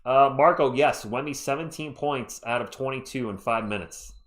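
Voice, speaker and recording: A man hosting a live fan play-by-play stream, chatty and excitable, reading and answering viewer chat as he calls the game. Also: mid-range voice, moderate pace. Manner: excitable, voice jumps up when thrilled.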